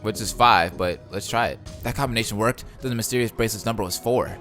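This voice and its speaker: A man doing a let's play of a visual novel, reading the text aloud and reacting excitedly. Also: fairly low pitch, fast. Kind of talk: gameplay commentary and text reading. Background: game music.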